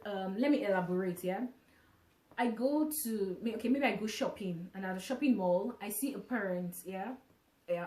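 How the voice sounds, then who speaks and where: A woman vlogging casually to camera, from Nigeria, who talks in an animated way, repeating phrases and restarting often. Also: a little high, echoey room.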